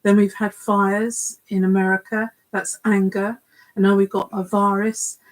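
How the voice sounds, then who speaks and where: A woman's voice: medium pitch, little pitch movement, measured pace, rough recording. Give me an older woman co-hosting a casual chat, short friendly replies. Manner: short agreeing remarks, laughs often. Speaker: co-host medium.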